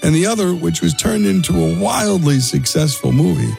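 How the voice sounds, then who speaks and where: A man's voice: on the high side, normal speed, creaky, darkish tone, soft background music. A male radio host reading a scripted introduction of a guest.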